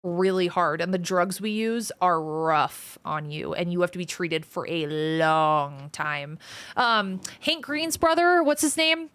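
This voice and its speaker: Her voice sits fairly low and sounds fairly bright and clean, with no room sound at all. She's a surgical trainee on a casual live stream, reading viewer comments aloud and talking in a frank, profane way that's quick to vent.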